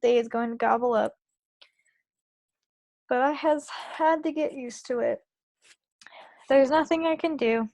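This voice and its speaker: A kindly, sorrowful giant, read out by a woman in a children's book, mangling his grammar and tossing in invented words. His voice sits a little high and catches on a gravelly edge. It sounds close and dry. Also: a little mellow, no echo. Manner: ungrammatical speech full of made-up words. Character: big gentle male giant, sad and kindly. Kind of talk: reading a children's book aloud.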